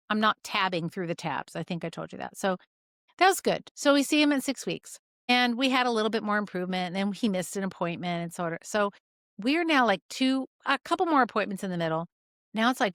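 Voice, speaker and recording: Animated woman retelling a patient story. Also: no room sound, clean studio sound. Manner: animated, acts out both sides of conversations with big pitch jumps. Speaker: podcast host and functional medicine practitioner. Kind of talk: casual storytelling of a clinical case.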